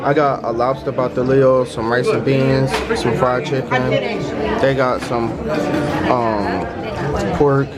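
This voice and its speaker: A man's voice: medium pitch, steady tone, slow, a loud crowd. A man vlogging on a trip, talking in loose, hyped slang-heavy banter. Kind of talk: casual vlog chat. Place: outdoors on a trip, street and ferry. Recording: loud outdoor noise.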